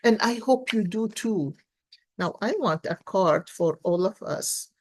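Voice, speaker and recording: A woman's voice: mid-range voice, lively intonation, a little slow, darkish tone. A woman in her sixties giving a casual card reading, telling stories earnestly with many restarts. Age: 60s. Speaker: tarot card reader and life coach.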